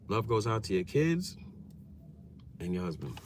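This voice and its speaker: Animated New man vlogging from his car. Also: on the low side, a little slow, pauses often, slight background noise. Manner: animated, slangy storytelling. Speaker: YouTuber. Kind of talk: casual vlog commentary.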